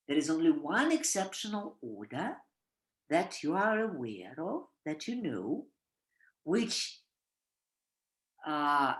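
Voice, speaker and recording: Over a video call, an animated English writing teacher leads a webinar lecture, quizzing her students with questions. Her voice is fairly low in pitch and sounds reverberant.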